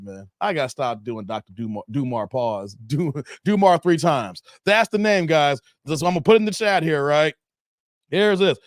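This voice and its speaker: Jokey, fairly high-voiced middle-aged man. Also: no echo, clean studio sound. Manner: jokey, laughs often, animated. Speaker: live stream host. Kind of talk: casual chat.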